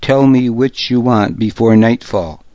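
A man voicing a proud, stubborn lord who talks slowly and deliberately, in a dull, lo-fi recording. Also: medium pitch, dark tone, dry recording, lightly acted. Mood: stern.

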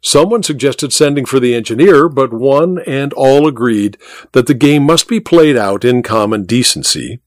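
Animated male audiobook narrator. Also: medium pitch, normal speed, no room sound, clean studio sound.

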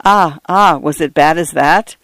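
A man voicing an excitable middle-aged brother who fusses and exclaims with worried questions. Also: fairly high pitch, unhurried, no room sound. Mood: agitated.

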